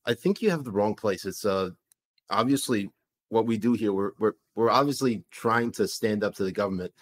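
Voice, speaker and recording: A man's voice: on the low side, normal speed, natural voice. A man voicing a polite, baffled Canadian trucker protester with a put-on Canadian accent, forever apologizing. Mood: polite, puzzled. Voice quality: apologetic, keeps saying sorry and eh.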